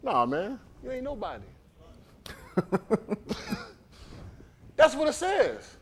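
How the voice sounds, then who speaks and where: A man's voice: very high-pitched, slow, slightly rough. A man preaching a livestreamed sermon in a conversational way, often putting questions to the congregation. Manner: animated, conversational, quizzes the congregation.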